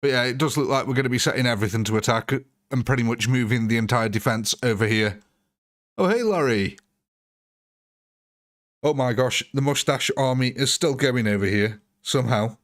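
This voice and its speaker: A man hosts a live game stream in a relaxed, chatty way. He jokes and answers viewers one by one by name. His voice sits at an ordinary middle pitch. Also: quick pace. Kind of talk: live gameplay commentary answering chat.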